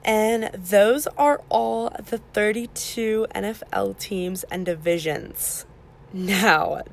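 Hosting a laid-back podcast, a woman with a medium-pitched voice and vocal fry explains the basics to beginners one step at a time. She's chatty and often corrects herself mid-thought. There's slight background noise.

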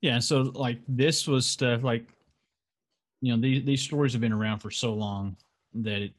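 A man's voice: medium pitch, fairly even intonation, normal speed. A man in casual podcast chat about comics, talking in a loose, rambling way full of restarts. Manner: rambling, lots of fillers and restarts. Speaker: podcast co-host.

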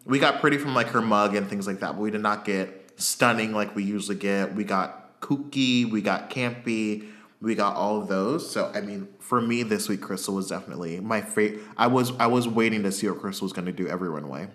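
A man with a bright, forceful voice that sits a little low, chatting casually as a podcast co-host. He hands down blunt verdicts, stopping and restarting his sentences as he goes. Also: a little fast. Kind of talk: casual chat reviewing a reality show.

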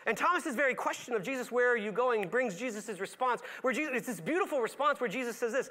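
A male pastor preaching a sermon, animated, acting out characters in quick voices and dropping to a soft, low tone for reflective points. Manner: animated, acts out voices of characters with big pitch swings.

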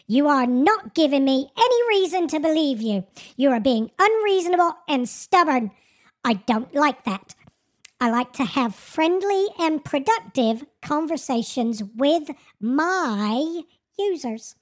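A woman's voice: high voice, pitched above the performer's own voice. A woman voicing a sassy female AI chatbot with a put-on English accent, prim, stubborn and condescending.

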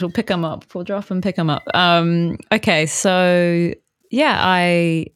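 A woman speaks as a podcast guest, modest and quick to laugh at herself. Her voice sits a little low for a woman. The recording is dry and close, with no room sound. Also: dry recording. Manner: modest, self-deprecating, laughs often. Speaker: guest musician. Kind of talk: casual interview chat.

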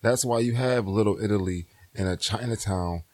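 A man's voice: lowish voice, moderate pace, darkish tone. Insistent, lecturing man. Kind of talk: casual chat.

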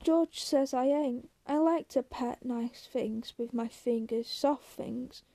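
Slow, earnest, simple-minded big farmhand guy, read by a woman, soft mellow tone. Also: high-pitched, fairly even intonation, no echo. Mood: pleading.

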